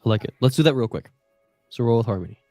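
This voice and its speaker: A man narrating a tabletop game as game master, playful and quick to laugh. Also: mid-range voice, darkish tone, no echo, faint music behind.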